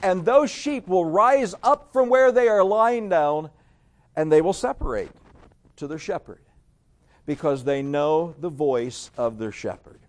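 Male pastor, slightly high voice, conversational folksy sermon delivery. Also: animated, a little slow. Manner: folksy, conversational preaching with rhetorical questions.

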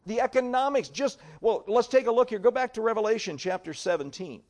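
Emphatic male pastor preaching a sermon. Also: fairly quick. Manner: preaching with wide swings in pitch and loudness, reading scripture aloud.

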